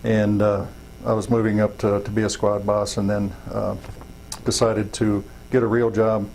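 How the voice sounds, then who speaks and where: Middle-aged man, low gravelly voice, folksy rambling storyteller, faint hum behind. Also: little pitch movement, normal speed, darkish tone, poor audio. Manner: folksy, rambling, many fillers and acted-out quotes. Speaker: interviewee, wildland fire chief. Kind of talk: casual storytelling interview.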